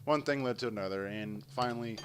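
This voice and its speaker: With a noisy background, a medium-pitched man speaks fast while he plays, casually recounting a long, rambling tale loaded with swearing. He is a gameplay commentator with an animated, profane storytelling style.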